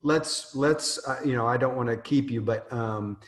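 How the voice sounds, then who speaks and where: A man's voice: mid-range voice, normal speed. A man hosting a podcast, chatting in a rambling way with many fillers. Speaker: podcast host. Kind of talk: casual interview chat. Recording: roomy echo.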